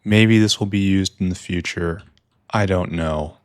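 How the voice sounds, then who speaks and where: A man's voice: sits low, unhurried, clean tone, no room sound, studio quality. A man giving rambling, wry commentary while playing a video game, often talking to himself and trailing off into mutters. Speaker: gameplay streamer. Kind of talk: casual let's-play commentary.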